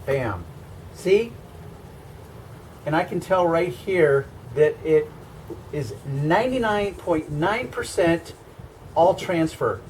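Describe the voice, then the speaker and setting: Demonstrating how to fix car scratches, a male detailing instructor explains the process step by step, chatty and emphatic. He sounds slightly high and somewhat mellow, and there's a light hiss or hum on the recording.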